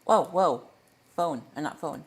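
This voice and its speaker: A man's voice: on the high side, unhurried. A man chats casually on a livestream Q&A, speaking into a desk microphone. He rambles in a playful, good-humored way, often stumbling and restarting his sentences. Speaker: livestream host.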